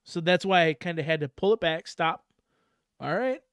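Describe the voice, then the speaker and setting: A man hosting a casual podcast, talking in an animated, profane way and laughing often. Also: fairly high pitch, moderate pace, smooth, dry recording. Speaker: podcast host.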